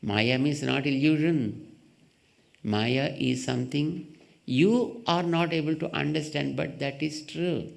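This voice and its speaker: A spiritual leader speaks slowly in a creaky voice, teaching in a temple hall. He uses simple examples and rhetorical questions, and when quoting others he suddenly shifts into a high pitch to act out their voices.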